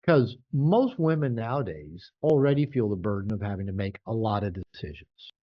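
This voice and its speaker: Older man telling stories, slightly muffled. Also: normal speed. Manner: animated, acts out quoted voices higher. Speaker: author and guest. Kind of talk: casual interview storytelling.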